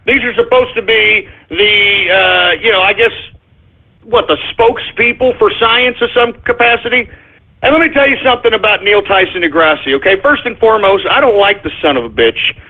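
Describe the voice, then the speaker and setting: Combative high-voiced male radio host. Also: normal speed. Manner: combative, sarcastic, repetitive. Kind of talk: talk radio rant. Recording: tinny phone-like lo-fi audio.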